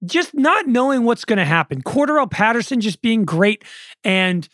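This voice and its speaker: High-voiced man in casual chat. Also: very animated, normal speed, fairly bright tone, dry recording, studio quality. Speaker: podcast co-host.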